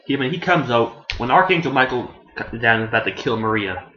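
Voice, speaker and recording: A man delivers a rambling, casual anime review full of swearing and self-corrections, slipping into shrill voices to act out the characters. His voice is expressive, pushed and bright, and he speaks at a quick pace. The room echoes and the sound is dull and lo-fi.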